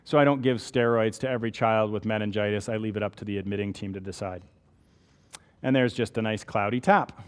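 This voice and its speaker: A man's voice: on the low side, steady tone, a little fast, clear, resonant tone, in a large hall. A man with a Canadian accent giving a conversational medical lecture, explaining step by step and checking in with rhetorical questions.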